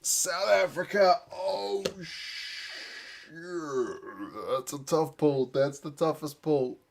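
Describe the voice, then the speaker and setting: A man's voice: fairly high pitch, unhurried, gravelly, background noise. A man giving live reaction commentary, thinking aloud with gasps and exclamations, tired late at night. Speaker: rugby channel host.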